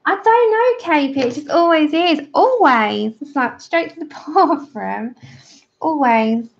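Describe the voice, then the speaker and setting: A woman's voice: high voice, expressive, slow pace, gravelly. A woman giving a chatty, friendly drawing tutorial on a livestream. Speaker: art tutor. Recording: dull lo-fi livestream audio.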